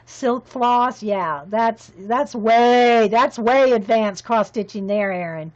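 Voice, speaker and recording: A high-voiced woman rambles through a casual craft vlog, laughing as she goes and calling out to viewers by name. The sound is dull and lo-fi. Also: takes it slowly. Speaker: craft vlogger. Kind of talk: casual chat while organizing.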